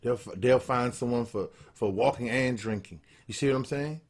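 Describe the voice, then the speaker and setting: A political commentator with a mid-range voice speaks at normal speed in casual, blunt, profane video commentary. He's emphatic and repeats himself for emphasis.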